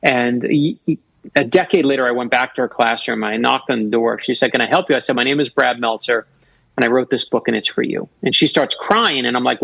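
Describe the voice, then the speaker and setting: A man in his fifties, a guest author telling stories on a radio talk show with animated energy and quick restarts. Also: on the high side, gravelly, husky, no echo, low-quality recording. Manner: animated, fast storytelling with restarts.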